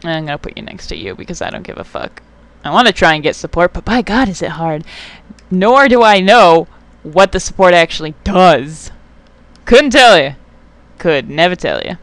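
Swearing, excitable young gamer. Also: medium pitch, normal speed, no echo. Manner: swears often, excitable, talks back to the game. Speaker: let's play gamer. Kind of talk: casual game commentary.

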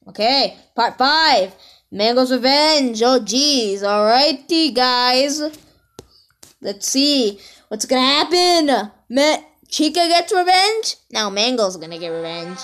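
Excitable high-voiced woman reacting. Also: takes it slowly, long pauses. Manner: rambling, excitable, talks straight to viewers. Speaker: reaction video host. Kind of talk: casual reaction commentary. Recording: music under the voice. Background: video music playing.

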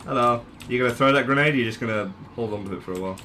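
Young guy chatting over gameplay, really bright voice, faint hiss on the mic. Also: medium pitch. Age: young adult. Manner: unhurried, swearing, laughing at his own plays. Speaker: gaming channel host. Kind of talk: casual gameplay commentary.

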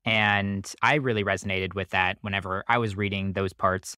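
A young man in his twenties hosts a podcast, his tone bright and forward. He talks thoughtfully and admiringly, winding into long questions. The recording is close and dry. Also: deep voice, fairly even intonation, moderate pace, smooth, no echo. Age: 20s. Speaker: podcast host. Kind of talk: conversational podcast interview.

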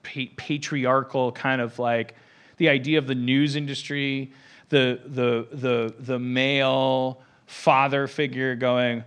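Rambly podcast guy in his 40s, bright tense voice, keeps jumping into loud impressions. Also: medium pitch, a little slow, clear, resonant tone. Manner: rambling, animated, bursts into shouting impressions. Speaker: podcast host. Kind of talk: casual comedic chat.

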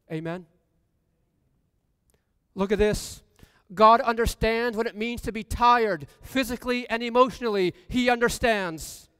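A man's voice: extremely high pitch, a bit bright, smooth, no room sound, clean studio sound, long reverb tail. A man preaching a sermon in a church, repeating lines with building emphasis. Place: church sanctuary.

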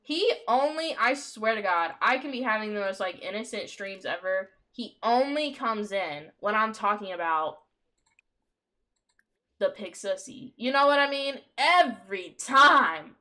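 A young woman, live-streaming and commenting on her game in an excitable, gossipy way, swearing freely and breaking into laughter. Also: medium pitch, unhurried.

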